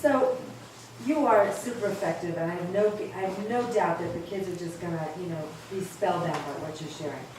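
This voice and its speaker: A woman, a board member, asking questions in a polite, measured way. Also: lowish voice, a little mellow. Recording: echoey room, distant mic, faint noise.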